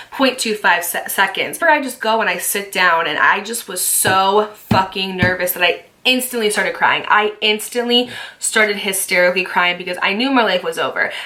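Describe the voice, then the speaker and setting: A young woman tells a personal story straight to her viewers, chatty and emphatic, dropping in filler likes as she goes. Her voice is bright and forceful, sitting mid-range in pitch. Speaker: storytime vlogger. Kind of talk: casual storytelling.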